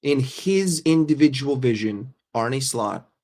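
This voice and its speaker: A man's voice: mid-range voice, lively intonation, slow pace, darkish tone. Blunt, profane man ranting on a livestream. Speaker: livestream host reading chat. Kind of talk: casual livestream fan rant.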